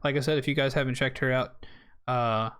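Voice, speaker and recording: A man's voice: mid-range voice, fairly even intonation, brisk, a bit bright, clean tone. A young man closing out his game stream, chatting casually and thanking viewers by name. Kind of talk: casual end-of-stream chat.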